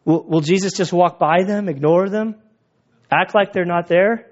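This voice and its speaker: Conversational preacher, slightly high voice. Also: male voice, moderate pace, muffled recording. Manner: conversational, animated retelling with acted quotes. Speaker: pastor. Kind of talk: sermon.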